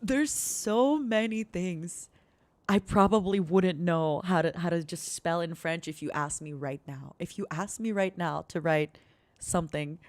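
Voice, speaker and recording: Slow, soft-spoken woman streamer. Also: lowish voice, no echo. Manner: soft, giggly, chatting with viewers; switches between English and French. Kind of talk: soft-spoken casual chat while gaming.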